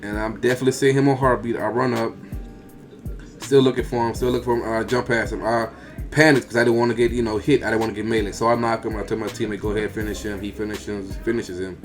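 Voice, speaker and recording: A man's voice: on the low side, level tone, fast, faint music behind. A man giving a casual, rambling voice-over that talks through his own gameplay clips play by play, with slang. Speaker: gaming video creator.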